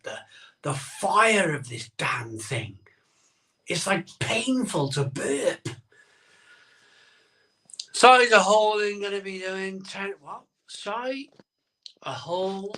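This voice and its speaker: A man's voice: a little high, pushed and bright, recorded from a distance. A man hosting a live beer-tasting stream, talking in a rambling, self-interrupting way while his mouth burns from chili. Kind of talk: casual live-stream chat. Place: home room, streaming live.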